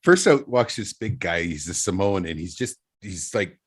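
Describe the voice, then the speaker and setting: Man, middle-aged, from Texas, very expressive pitch, chatty storyteller, laughs a lot. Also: normal speed, a little hiss or hum. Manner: rambling anecdotes, frequent laughter, restarts. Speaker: podcast guest, trapper. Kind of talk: casual storytelling chat.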